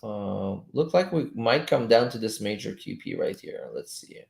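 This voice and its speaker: A man whose first language is French, chatting casually as a trading coach while he reads charts live, loose-tongued and quick to chuckle. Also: lowish voice, lively intonation, creaky. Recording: roomy echo.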